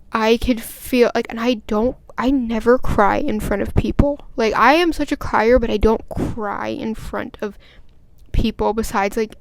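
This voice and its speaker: A woman's voice: a little high, gravelly, no room sound. A young woman vlogger telling a story and ranting in a chatty, rambling way with lots of fillers. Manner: grows agitated and emphatic. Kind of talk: casual storytime rant.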